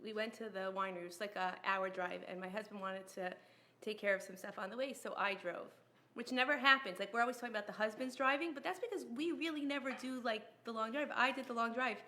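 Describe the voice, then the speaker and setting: Bright laughing woman telling a story. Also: fairly high pitch, fast talker. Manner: laughing often, acting out both sides of the story. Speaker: participant in a women's group discussion. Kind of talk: casual storytelling chat.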